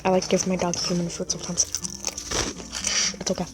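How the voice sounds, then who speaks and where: A woman's voice: lowish voice, monotone, a little fast, noisy background. A woman casually commenting on a game she is playing, chatty, and cooing at and scolding her pet dog along the way. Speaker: gaming vlogger.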